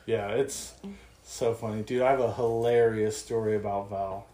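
A man's voice: lowish voice, normal speed. A young man co-hosting a podcast, telling a story in casual chat and acting out the voices of the people in it. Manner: animated, swearing, acts out quotes. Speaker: podcast co-host. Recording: echoey room.

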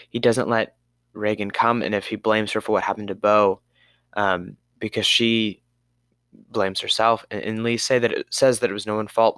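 A man's voice: on the low side, fairly bright tone, no room sound, studio quality. A man co-hosting a podcast, casually recapping a movie in a rambling way and sometimes losing his place. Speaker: podcast co-host.

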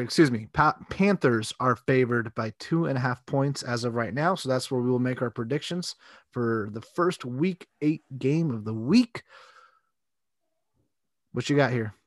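A man's voice: mid-range voice, unhurried, dry recording. Laid-back man hosting a sports podcast. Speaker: podcast co-host. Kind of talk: casual sports podcast chat.

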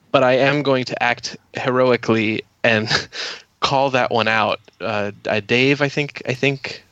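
A man player explaining his moves in a tabletop role-play, slow and hesitant. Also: medium pitch, steady tone, a bit bright, clear, resonant tone, dry recording. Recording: dull lo-fi audio.

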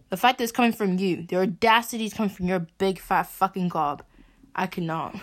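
A young woman hosts a podcast and vents in an exasperated, swearing rant, her mid-range voice moving at a brisk clip. It's a venting monologue.

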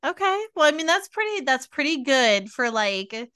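A woman's voice: sits high, very animated, normal speed, pushed and bright, dry recording, studio quality. A woman hosting a podcast, giving short, encouraging reactions in casual chat. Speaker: podcast host.

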